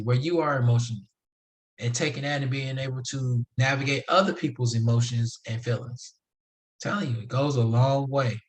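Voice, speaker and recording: A young man hosting a solo podcast, talking casually in a slangy, emphatic, preachy way. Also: mid-range voice. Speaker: podcast host.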